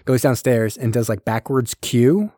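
A man hosting a casual chat, retelling a film's plot with lively quick impressions of its characters. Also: medium pitch, no room sound, studio quality. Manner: animated retelling, slipping into quick character voices. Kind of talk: casual film recap chat.

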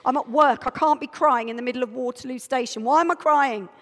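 A woman's voice: sits high, fairly quick, fairly bright tone. A woman preacher voicing a bewildered, tearful young working woman in a church. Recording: church hall reverb.

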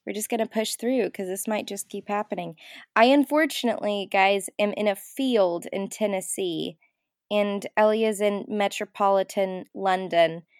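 A woman's voice: mid-range voice, darkish tone, no echo, studio quality. An American woman hosting a podcast, playful and joking in casual chat over a remote call. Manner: playful, quick to laugh and joke. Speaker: podcast host. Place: outdoors in a field in Tennessee.

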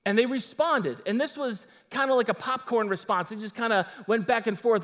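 A pastor delivers a sermon in a high-pitched male voice. He preaches with emphasis and breaks off into casual, conversational asides to the congregation. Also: normal speed, few pauses, a bit bright.

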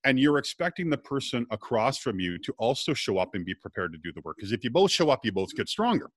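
A middle-aged man, a guest in a relaxed conversation, tells a personal story with lively energy and slips into the voices of the people in it. His voice sits at an ordinary pitch, and the sound is dry and close, with no room echo. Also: fast talker. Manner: lively storyteller, acts out quoted dialogue.

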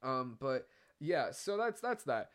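A man's voice: medium pitch, sing-song, slow pace. A young man hosting a casual solo podcast, rambling and profane with lots of fillers and asides. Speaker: podcast host.

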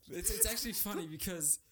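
A man whose first language is German, with a somewhat high voice, chatting casually on a podcast. He laughs often and stops to search for words as he explains. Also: heavy background noise. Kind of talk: casual chat.

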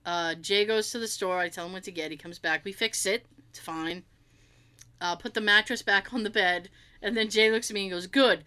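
A woman's voice: mid-range voice, moderate pace, clear, resonant tone. A young woman co-hosting a podcast, telling a story in casual chat with lots of laughter and mimicry. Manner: animated storyteller, laughs often, mimics others in quotes. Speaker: podcast co-host.

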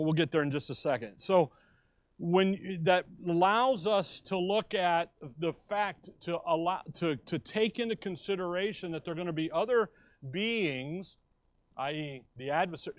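A man's voice: fairly high pitch, a little slow, no room sound. An American man preaching a sermon in a conversational way, restarting phrases and stressing key words. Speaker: pastor. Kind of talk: expository sermon.

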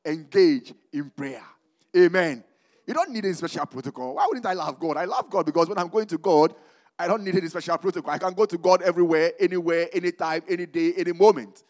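A man from Ghana delivering a sermon with a fairly high voice. He keeps asking "what?" so the congregation can call out the answer, and peppers his lines with "Amen" and "isn't it?". He swings from loud, emphatic proclaiming down to low, chatty asides. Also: quick pace. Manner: repeats "Amen" and "isn't it?" often. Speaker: pastor.

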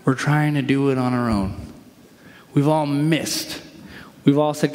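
A man's voice: mid-range voice, fairly even intonation, a little slow, darkish tone. A man in the middle of a sermon, talking easily and plainly, with a mid-range voice. He slips into little acted-out quotes as he walks through scripture. His voice rings out with a long reverb that carries through the church hall. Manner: conversational preaching with acted-out quotes. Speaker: pastor.

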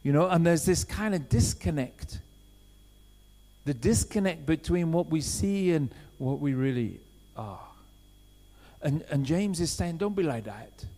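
A man preaching a sermon in a conversational way, swinging from quiet asides to loud urgent appeals. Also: fairly high pitch, lively intonation, a little slow, long pauses. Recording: long hall reverb.

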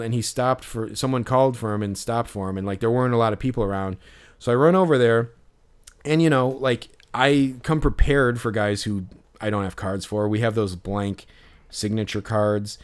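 Podcast host guy, smooth clear voice, rambly storytelling, lots of ums. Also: medium pitch, fairly even intonation, normal speed. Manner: rambling storytelling full of fillers and restarts. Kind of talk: casual podcast chat.

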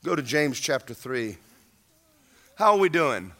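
A man preaching a sermon, animated, acting out voices and rising to shouts at the peaks. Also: mid-range voice, measured pace.

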